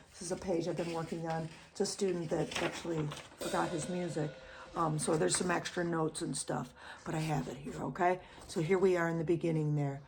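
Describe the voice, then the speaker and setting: Drums play behind this drum teacher as she casually counts out beats and frequently adds "okay?" in a relaxed way. She has a fairly low-pitched voice with vocal fry.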